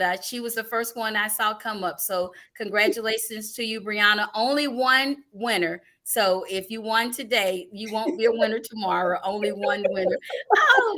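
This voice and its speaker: A middle-aged woman hosting a live online church talk show, telling stories in a lively, animated way. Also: on the high side. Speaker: ministry host.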